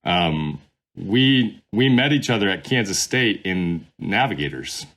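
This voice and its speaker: Middle-aged man, low register, loose conversational storyteller who circles back and restarts. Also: animated, measured pace, fairly bright tone. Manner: rambling, many fillers and restarts. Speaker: podcast guest, former pastor. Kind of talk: casual storytelling interview.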